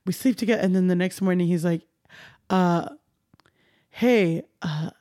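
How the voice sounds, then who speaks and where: A woman's voice: fairly low pitch, brisk, no echo, clean studio sound. A young woman, a comedian, telling candid stories in an interview, laughing often and acting out the dialogue. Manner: animated, laughing, swearing, acts out dialogue. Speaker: comedian guest.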